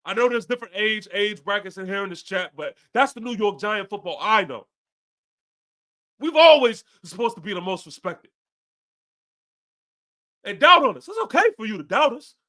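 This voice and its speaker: A man with a very high, sharp, bright voice rants on a live fan stream. He curses freely and hammers the same lines over and over, fired up and relentless. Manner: profane, repetitive, fired-up ranting. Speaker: fan podcast host. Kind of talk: ranting live post-game stream.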